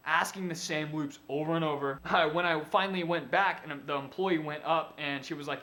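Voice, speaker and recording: A man's voice: medium pitch, brisk, sharp tone. A young man vlogging to camera, telling a rambling story in a casual, profane way with lots of asides.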